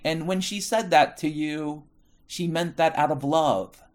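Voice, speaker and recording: A middle-aged American man gives a casual monologue in a fairly high voice at a measured pace. He's profane and rambling, swearing freely, wandering off topic and correcting himself mid-sentence.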